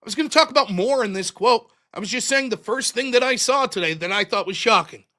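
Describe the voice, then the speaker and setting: A man hosts his own live-streamed commentary show, berating and mocking with heavy profanity. His voice sits high and bright, and it leaps around animatedly between near-shouts and low mutters. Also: expressive, quick pace. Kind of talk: ranting political commentary.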